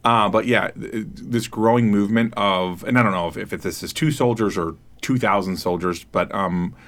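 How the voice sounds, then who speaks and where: A man's voice: fairly low pitch, normal speed, a bit bright. A man in his thirties co-hosting a casual podcast, rambling and laughing as he acts out quoted voices. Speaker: podcast co-host.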